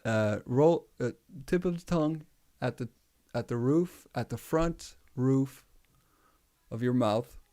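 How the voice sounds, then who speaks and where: A man's voice: mid-range voice, slow, mellow. A man chatting loosely on a livestream, rambling, laughing often and swearing freely. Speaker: music producer livestream host. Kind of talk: casual livestream chat.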